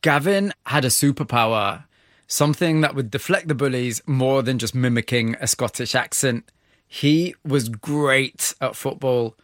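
Measured male radio host, dry studio. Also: mid-range voice, a bit bright, dry recording. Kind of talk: broadcast interview with scripted narration.

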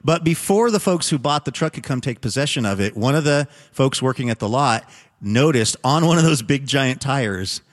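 A man chats as a podcast co-host and spins upbeat news in a wry, teasing way. His voice sits at a middle pitch and carries a long, hall-like reverb. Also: expressive, moderate pace. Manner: wry, joking, slightly snarky. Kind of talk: casual news chat. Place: lives in the countryside.

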